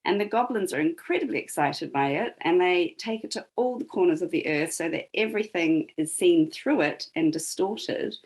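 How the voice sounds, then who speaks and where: A woman's voice: on the low side, expressive, normal speed, hardly any pauses, a little mellow, poor audio. A woman guest on a podcast, reflectively retelling a fairy tale and tying it to the present. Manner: reflective, retells a story with emphasis. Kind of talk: conversational podcast storytelling.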